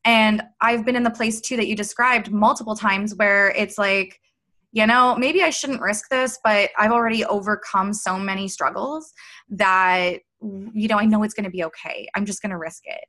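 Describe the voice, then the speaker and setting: A woman's voice: mid-range voice, steady tone, moderate pace, bright, forceful tone. A woman from Canada with a Canadian accent, a coach talking casually and reflectively as a podcast guest. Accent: Canadian, near Detroit. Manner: chatty, reflective, frequent fillers and laughter. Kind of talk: casual conversational interview.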